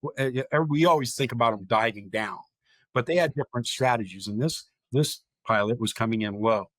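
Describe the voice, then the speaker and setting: A man's voice: mid-range voice, a little fast, a bit bright, dry recording. Dry-voiced man telling a vivid story. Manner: dramatic, vivid storyteller who quotes people directly. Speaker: guest, historic park chief of staff.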